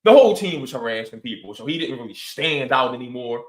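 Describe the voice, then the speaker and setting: A man's voice: mid-range voice, fast talker, echoey room, rough recording. A man co-hosting a sports podcast, telling stories with playful exaggeration in casual chat. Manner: animated storytelling, playful exaggeration. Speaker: podcast co-host.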